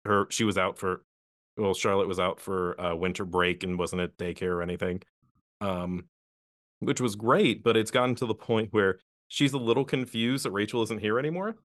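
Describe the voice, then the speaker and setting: A man chatting casually as a podcast co-host, telling stories in a relaxed way with many fillers. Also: on the low side, moderate pace, no echo, studio quality. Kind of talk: casual chat.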